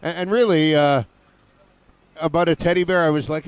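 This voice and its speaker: A man's voice: a little high, moderate pace, dry recording. A man co-hosting a wrestling radio show, chatty, laughing easily and swearing for emphasis. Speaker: wrestling podcast co-host. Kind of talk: casual profane commentary.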